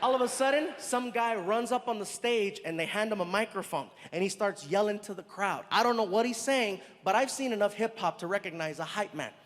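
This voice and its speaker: A middle-aged male comedian with a high, bright voice tells a story on stage, lively and animated. His voice carries through a large hall with a long reverb tail and faint crowd ambience. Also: brisk, few pauses, a little hiss or hum. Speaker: stand-up comedian. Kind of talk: stand-up storytelling. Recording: live venue with long reverb.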